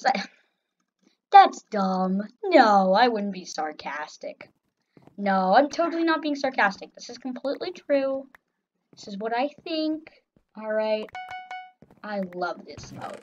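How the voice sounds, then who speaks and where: A young woman commenting on her own gameplay, swinging between mock cheer and grumbling complaints. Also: medium pitch. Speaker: gaming YouTuber. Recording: slightly dull lo-fi audio with faint noise.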